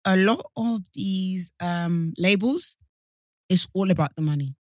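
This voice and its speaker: A woman co-hosting a podcast, chatting casually and animated with strong opinions. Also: on the low side, measured pace, no echo, clean studio sound. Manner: animated, opinionated, laughs often. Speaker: podcast co-host. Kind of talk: casual chat.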